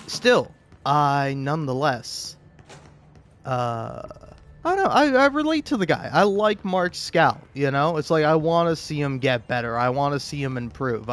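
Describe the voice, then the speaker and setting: A man talking casually to camera about a show, rambling and emotional, with many restarts and curses. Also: fairly high pitch. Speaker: vlogger. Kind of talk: casual opinion monologue.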